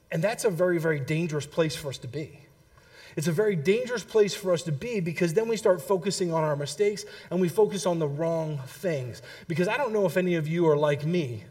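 A middle-aged man preaching a sermon, telling a family story and checking in with the congregation. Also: on the high side. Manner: storytelling, lively, addresses the congregation with "okay?". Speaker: pastor.

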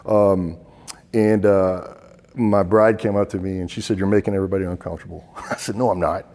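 A middle-aged man, a military veteran, tells stories in an interview, earnest and halting, often repeating words as he goes. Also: low-pitched, steady tone, dark tone, in a large hall. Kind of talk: interview storytelling.

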